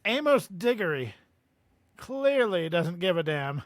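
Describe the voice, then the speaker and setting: A man's voice: sits high, very animated, measured pace, no echo. A man co-hosting a casual book-discussion podcast, reading passages aloud and laughing often as he goes. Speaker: podcast co-host.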